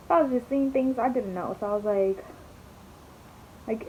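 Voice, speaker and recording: A young adult woman's fairly high voice with a darkish tone moves at a moderate pace as she applies makeup and tells a chatty, dramatic vlog story, cursing and filling in with "like." Faint hiss sits under a slightly dull recording.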